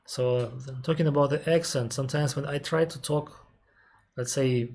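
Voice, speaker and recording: This Russian-accented airline captain has a slightly high, darkish voice with fairly even intonation. Fielding viewer questions on a casual live stream, he takes his time, walking through answers step by step with frequent pauses and restarts.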